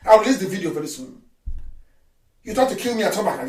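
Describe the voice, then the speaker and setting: Man, fiery radio address, shouting and scolding, high voice, echoey, far from the mic. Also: lively intonation, quick pace. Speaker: political activist broadcaster.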